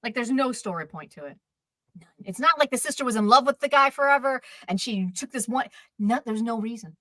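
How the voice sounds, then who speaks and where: A woman co-hosting a live stream chat, ranting in an exasperated, animated way. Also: fairly high pitch, fast talker, no room sound. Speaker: co-host.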